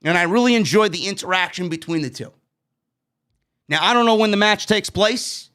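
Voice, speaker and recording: A high, bright-toned man talking through a wrestling show review. He is blunt and profane, and he sounds openly exasperated with choices he doesn't like. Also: moderate pace, clean tone. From New York. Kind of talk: casual opinionated review.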